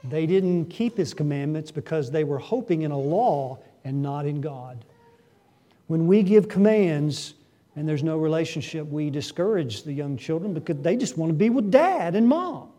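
A man's voice: on the high side, animated, moderate pace, mellow. A man preaching a sermon earnestly, asking his listeners questions and suddenly raising his voice for emphasis. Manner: asks the congregation rhetorical questions. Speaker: pastor.

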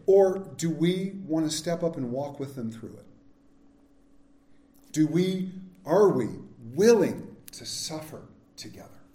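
Male pastor, conversational sermon, mellow tone, roomy sanctuary echo. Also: fairly high pitch, lively intonation, measured pace. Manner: candid, self-deprecating, conversational. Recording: echoey church sanctuary.

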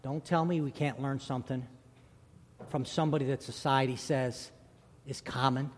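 A male pastor preaching a sermon, telling a story with animated swings from loud to hushed. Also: medium pitch, normal speed, big-room sound.

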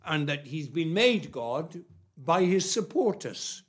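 A man preaching a sermon, emphatic and repetitive, with long pauses between phrases. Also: a little high, sing-song, husky.

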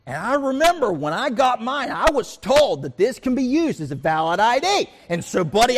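A man's voice: a little high, normal speed, hardly any pauses. A man preaching a sermon as pastor, telling everyday stories and acting out the people in them. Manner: animated storytelling, acts out quoted voices and rants.

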